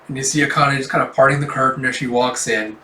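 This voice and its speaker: A man's voice: medium pitch, quick pace, distant mic. Man casually reading through a manga. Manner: relaxed, with frequent "like" and chuckles. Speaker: manga reader. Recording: echoey room, off-mic.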